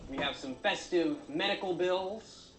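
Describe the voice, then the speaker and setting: A man narrating his own craft video in a dry, deadpan comic way, with frequent filler sounds. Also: sits high, measured pace, reverberant, a crowd in the background, rough recording.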